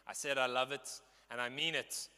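A man's voice: mid-range voice, steady tone, normal speed, bright, forceful tone, clean tone, big-room sound. A man in his twenties preaching a sermon with passion and emphasis. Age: 20s.

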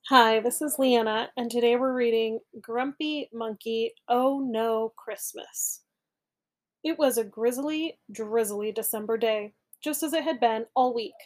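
A woman reading a children's picture book aloud, narrating gently and steadily. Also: on the high side, measured pace. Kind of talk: storybook read-aloud.

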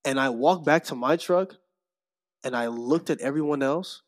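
A young man telling a story in casual chat, acting out the people in it with lively quoted voices. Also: mid-range voice, normal speed. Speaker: podcast guest, streamer.

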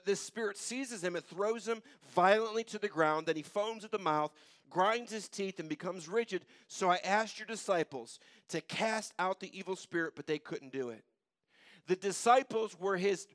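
Fairly high-voiced preacher. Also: male voice, no echo, clean studio sound. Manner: conversational, retells scripture in casual everyday speech; swings from loud and urgent to quiet and low. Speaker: pastor. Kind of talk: sermon.

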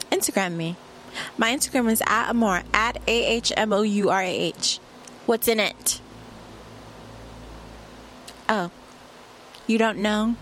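A woman's voice: medium pitch, a bit bright, a little hiss or hum. Brash, profane woman podcaster ranting. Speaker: podcast host. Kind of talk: casual solo podcast rant.

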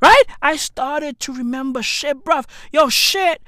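A woman, loudly rambling through a comic monologue, repeating herself, swearing and dropping slang. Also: high voice, slow pace, no echo, clean studio sound. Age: 30s.

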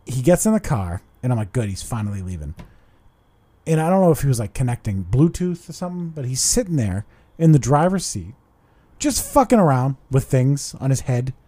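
Animated, profane male podcast host. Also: medium pitch, a little fast. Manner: animated storytelling, swears a lot. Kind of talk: casual chat.

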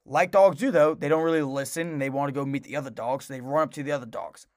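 A man's voice: on the high side, fairly even intonation, quick pace, darkish tone, no room sound, studio quality. A young man co-hosting a casual podcast, telling a long story in a rambling way with lots of restarts. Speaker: podcast co-host. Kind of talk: casual chat.

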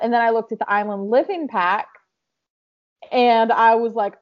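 A woman's voice: on the high side, a little fast. A young woman chatting casually as co-host, telling stories in a bubbly way with lots of fillers. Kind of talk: casual chat. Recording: muffled lo-fi audio.

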